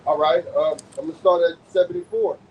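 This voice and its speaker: Guy reading scripture out loud, highish voice, far off mic, faint background noise. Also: steady tone, fairly quick. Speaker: scripture reader in the group.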